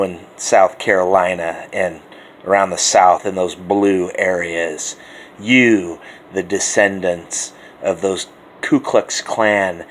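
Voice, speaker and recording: A man's voice: fairly low pitch, a little hiss or hum. A man hosting a talk radio show, delivering a profane, sarcastic political rant that taunts his listeners. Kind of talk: ranting political call-in monologue.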